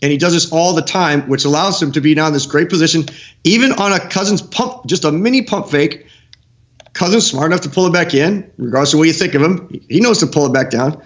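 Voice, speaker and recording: Animated coach, fairly high voice. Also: male voice, fast talker, lo-fi sound. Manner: animated, excitable, restarts often. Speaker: football coach, guest analyst. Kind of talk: film breakdown on a live stream show.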